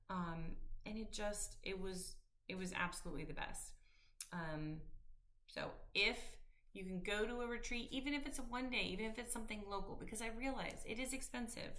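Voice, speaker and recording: Bright-voiced woman, chatty stitching vlogger. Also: medium pitch. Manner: rambling, warm-hearted, many ums and restarts. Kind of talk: casual chat to camera.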